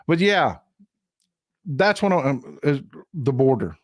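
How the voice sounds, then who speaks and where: A man's voice: medium pitch, very animated, slow, pauses often, no room sound, muffled recording. Blunt, emphatic livestream host, man. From Texas. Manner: blunt, emphatic, repeats short phrases for emphasis; reads out viewer comments and thanks donors. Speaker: livestream political commentary host. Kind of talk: casual political commentary livestream. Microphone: streaming setup mic.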